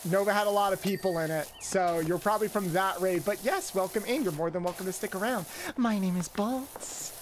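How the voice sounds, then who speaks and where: A woman's voice: medium pitch, a little hiss or hum, low-quality recording. A woman hosting a live game stream, chatting casually with a co-host and greeting viewers. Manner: chatty, rambling, quick asides to chat.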